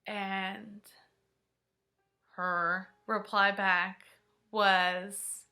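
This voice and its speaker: A woman vlogger telling a personal story in an emotional, halting way, sometimes dropping to a hush. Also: medium pitch, flat delivery.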